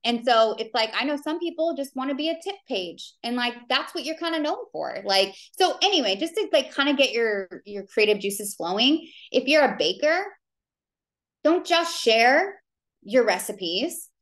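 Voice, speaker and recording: A woman's voice: fairly high pitch, animated, moderate pace, a bit bright. A woman in her thirties giving a casual live training call, chatty and rambling with lots of fillers. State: tearful. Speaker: business coach.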